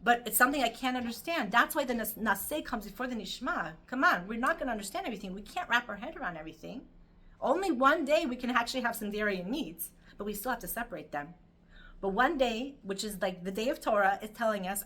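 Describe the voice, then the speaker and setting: A woman's voice: a little high, fast. A middle-aged woman giving a weekly Torah talk, telling stories with feeling and many fillers. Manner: animated, emotional storytelling with many fillers. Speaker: Torah teacher.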